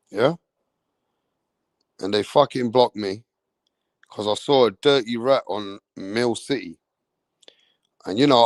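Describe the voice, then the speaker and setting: Recorded in studio quality with no echo, a mid-range-voiced man from England hosts a boxing channel and rants angrily on a livestream. He swears constantly and keeps repeating himself.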